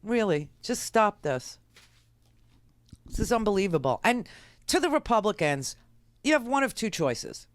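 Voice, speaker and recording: A middle-aged woman radio host rants with indignant exasperation, stumbling over fillers and restarts. Her voice is smooth and resonant, recorded close and dry on a studio mic. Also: medium pitch, big pitch swings, a little slow, pauses often, no echo. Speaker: radio talk show host. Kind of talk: political commentary monologue. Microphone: studio microphone.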